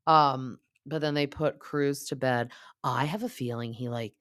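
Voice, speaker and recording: A woman's voice: extremely low pitch, fairly even intonation, measured pace, a bit bright, no room sound, studio quality. A woman in her thirties hosting a podcast, chatting casually and gossipy with lots of filler words as she recaps reality TV. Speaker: podcast host.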